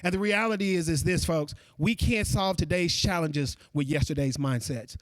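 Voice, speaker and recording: A man's voice: on the high side, moderate pace, no room sound. A man delivering a conference keynote speech, talking straight to the audience and calling them folks. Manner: animated, addresses audience directly as folks. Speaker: keynote speaker.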